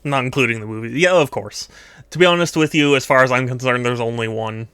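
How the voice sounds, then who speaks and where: A man with a smooth, clear voice chats loosely on a live stream as he works through drawing requests. He rambles, laughs easily, and drifts off mid-thought, recorded close and dry with no room sound. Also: medium pitch, quick pace, a bit bright, no room sound. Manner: rambling, chatty, laughs often, trails off in thought. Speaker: streamer taking art requests. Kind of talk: casual live-stream chat while drawing.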